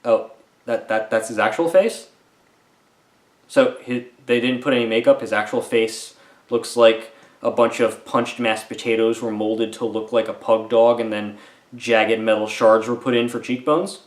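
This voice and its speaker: A man's voice: medium pitch, flat delivery, normal speed, roomy sound. A man giving a comedic, sarcastic movie review, rambling with lots of "like" and "uh" fillers. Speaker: film reviewer.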